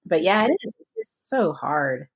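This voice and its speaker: A woman's voice: low-pitched, sing-song, unhurried, vocal fry, husky. A woman co-hosting a podcast in casual chat, talking freely with frequent laughs and restarts. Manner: chatty, laughs often, trailing restarts. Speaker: podcast co-host.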